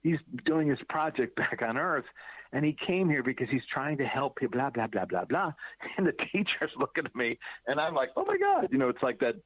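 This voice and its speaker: Middle-aged male guest, lively storyteller who acts out the voices he quotes, thin phone-line sound. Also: mid-range voice, normal speed, husky, dry recording. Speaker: guest author telling a personal story. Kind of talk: animated conversational storytelling. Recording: dry, phone-like narrow sound.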